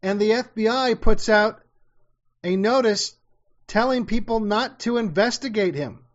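A man's voice: sits high, a little slow. A man hosting a casual chat, telling a story with sarcasm and casual swearing. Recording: slightly dull lo-fi sound.

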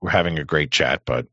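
A man hosting a talk show, rambling in crude, sarcastic casual commentary with a hoarse voice. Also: low voice, fairly bright tone, no echo, muffled recording. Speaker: podcast host.

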